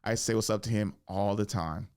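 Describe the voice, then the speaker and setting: A man's voice: lowish voice, quick pace, a little mellow, clear, resonant tone. A young man hosts his own podcast, telling loose, profane stories alone and laughing as he acts out the people in them. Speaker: podcast host. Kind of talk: casual storytelling monologue.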